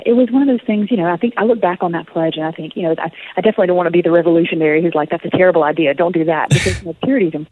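Southern woman author on a phone line. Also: lowish voice. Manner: earnest, reflective, many fillers and restarts. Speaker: author and guest. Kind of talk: radio interview.

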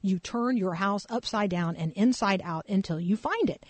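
A woman pastor with a lilt tells a story from the pulpit in a relaxed, chatty way. Her voice sits in a middle register. It is recorded close and dry, with no room sound. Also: medium pitch, moderate pace, no room sound. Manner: casual, animated storytelling with fillers. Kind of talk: conversational sermon storytelling.

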